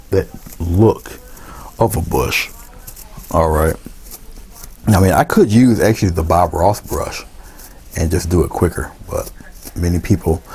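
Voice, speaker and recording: A deep, gravelly man talks through a painting lesson in an easygoing way, pausing often with fillers and restarting his sentences. His voice is dark and husky. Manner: relaxed, thinking aloud with many fillers and restarts. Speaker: painting instructor. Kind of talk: casual painting tutorial.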